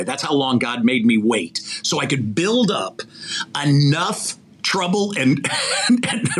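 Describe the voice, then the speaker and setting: This older executive recruiter, a guest on a podcast, spins animated stories, performing the quoted lines and chuckling partway through sentences. His voice sits a little high and sounds a bit bright, over faint background noise.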